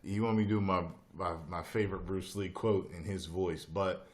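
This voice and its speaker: A man's voice: low-pitched, fairly even intonation, normal speed. A man hosting a casual live stream, jokey and slangy, teasing his viewers.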